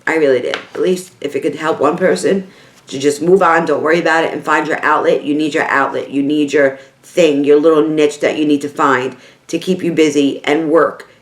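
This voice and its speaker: Middle-aged woman with a New York accent, lowish voice, emotional vlogger who circles back and repeats herself; roomy, echoey sound. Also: fairly even intonation, normal speed. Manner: heartfelt, rambling, repeats herself for emphasis. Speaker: beauty vlogger. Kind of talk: emotional casual talk to camera. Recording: echoey room.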